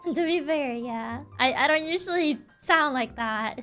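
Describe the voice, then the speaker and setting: A young woman streaming casually, soft-spoken and sassy, who laughs often while chatting with her viewers. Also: high voice, unhurried, soft background music. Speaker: VTuber streamer. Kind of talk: casual livestream chat, reading chat aloud.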